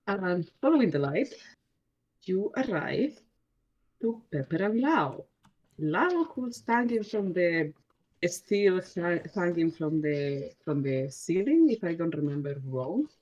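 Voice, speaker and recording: A woman's voice: low voice, a little mellow, dull audio. A woman narrating as game master in a tabletop game, hesitant and searching for words, often giggling.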